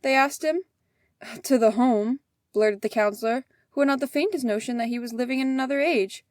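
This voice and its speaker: A woman's voice: sits high, fast talker, no echo, studio quality. A woman reading an old fairy tale aloud as a storyteller.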